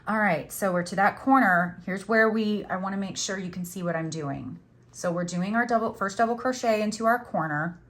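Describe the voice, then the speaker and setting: A middle-aged woman hosting a crochet tutorial, chatting casually and teasing herself while she works. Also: fairly low pitch. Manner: chatty, self-teasing, says "y'all".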